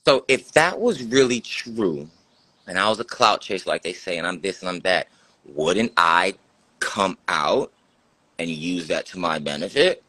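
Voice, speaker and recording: A man's voice: deep voice, animated, unhurried, sharp tone, no echo. A man hosting a live stream, talking bluntly and profanely in casual chat, mocking others as he quotes them.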